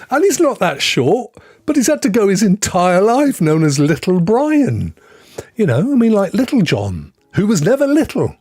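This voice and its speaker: A man's voice: sits high, a little mellow, breathy edge, no room sound. A middle-aged man hosting a live stream, chatting casually with rambling asides and frequent laughs as he reads out good news stories.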